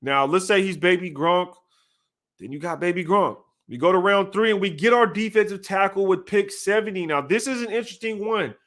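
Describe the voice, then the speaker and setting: Animated slangy man hosting sports stream. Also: high voice, a little fast. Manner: animated, repetitive, slangy, talks to chat by name. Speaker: sports channel host. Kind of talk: casual live-stream commentary.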